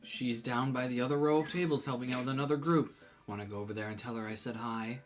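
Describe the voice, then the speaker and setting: Calm, easygoing game dad, dropping low at times, read by a man. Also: quick pace, soft background music, natural voice.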